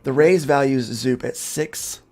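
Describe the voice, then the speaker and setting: A man's voice: mid-range voice, unhurried, warm tone. A man hosting a casual podcast, reading an article aloud and breaking in with his own asides. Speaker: podcast host.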